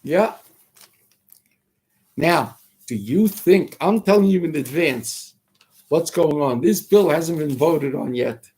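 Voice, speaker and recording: High-voiced preachy male talk host. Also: expressive, slow pace, long pauses, a little mellow, breathy edge. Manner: emphatic, preachy, sprinkles Hebrew and Yiddish terms; rhetorical questions, mimics critics' voices. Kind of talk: political commentary monologue.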